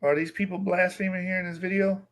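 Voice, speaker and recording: A man with a slightly raised voice hosts in a loose, joking manner, reading comments aloud and teasing the people who wrote them. He sounds relaxed and unhurried. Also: sits high. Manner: relaxed, joking, reads out chat. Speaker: host. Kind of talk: casual podcast, reading viewer comments.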